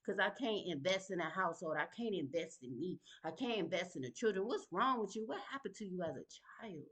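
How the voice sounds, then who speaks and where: A woman's voice: fairly low pitch, expressive, fairly quick, fairly bright tone. A woman telling her own story in a vlog, talking in an emphatic, conversational way and often asking "you feel me?". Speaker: vlogger sharing her story. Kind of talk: casual personal storytelling.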